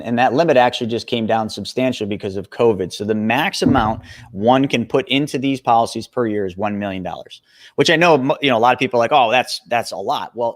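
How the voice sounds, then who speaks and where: A man's voice: medium pitch, no room sound, clean studio sound. A man in his forties, a guest expert on a podcast interview, talking with energy and emphasis and calling the listeners folks. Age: 40s.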